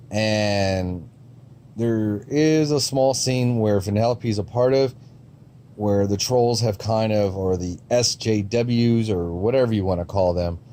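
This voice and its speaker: A man's voice: lowish voice, mellow, a little hiss or hum. A man giving a casual, rambling review of movie trailers, with frequent ums and restarts and a blunt, sometimes profane way of talking.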